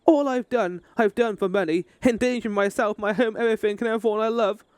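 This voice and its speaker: A man's voice: high-pitched, fast talker, a little mellow, clear, resonant tone, dry recording, natural voice. A man reading out the lines of a desperate, self-pitying male traitor soldier from a game, in an earnest, pleading way. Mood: confessing. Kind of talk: reading game dialogue aloud.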